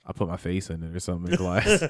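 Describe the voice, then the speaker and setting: A man's voice: low-pitched, very animated, fast talker, no echo, studio quality. A man co-hosting a podcast, trading crude jokes and laughing with friends. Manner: joking, laughing, loose. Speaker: podcast co-host. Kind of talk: crude casual banter.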